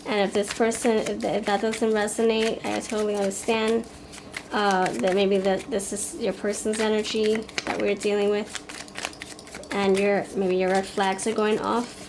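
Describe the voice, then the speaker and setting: A woman's voice: mid-range voice, background noise. A woman giving a pick-a-card tarot reading, thinking aloud in a rambling, frank way with many fillers and restarts. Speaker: tarot reader.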